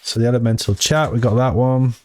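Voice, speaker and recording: A man giving casual, excitable commentary to his viewers while reading through a crypto AMA. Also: mid-range voice, fairly quick. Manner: excitable, hyped, talks to viewers as "team". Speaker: crypto vlogger.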